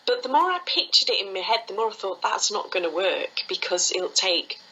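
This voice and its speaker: A woman, a foot reading teacher telling stories quickly and with animation as a guest in an interview, often laughing. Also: medium pitch, pushed and bright, slight background noise, rough recording. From England. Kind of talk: conversational storytelling interview.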